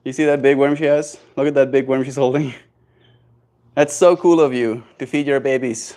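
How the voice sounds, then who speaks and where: A man's voice: mid-range voice, steady tone, moderate pace, warm tone. Man, casual vlog commentary, laid-back, slangy, chatty. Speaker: daily streamer.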